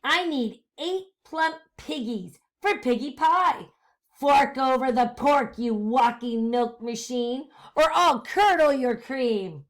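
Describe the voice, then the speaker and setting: A woman's voice: high voice, expressive, slow pace. A woman voicing a cranky old female witch who screeches and hurls bossy insults, read aloud from a storybook. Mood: screaming.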